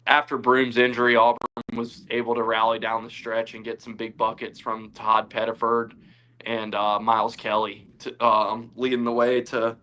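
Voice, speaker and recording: A man's voice: medium pitch, sharp tone. A young man co-hosting a casual sports chat, talking loosely with lots of fillers. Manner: loose, filler-heavy talk. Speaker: co-host.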